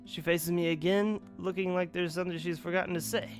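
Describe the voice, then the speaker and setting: A man's voice: sits high, fairly even intonation, fairly quick, faint music behind. A young man hosting a let's play, reading a visual novel's narration aloud and chatting casually, swearing freely.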